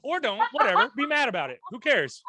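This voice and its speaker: A man's voice: very high voice, wildly swooping pitch, fast talker, sharp tone. A young man co-hosting a casual podcast, joking around in crude slang and reading news aloud. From United States. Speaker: co-host.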